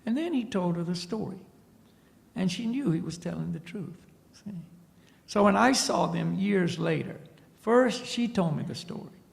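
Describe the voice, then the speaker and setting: A man's voice: high voice, lively intonation, moderate pace, gravelly, in a large hall. A man, a spiritual teacher, telling a story in a lecture to an audience and often checking in with a questioning "see?". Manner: tags points with a questioning "see?".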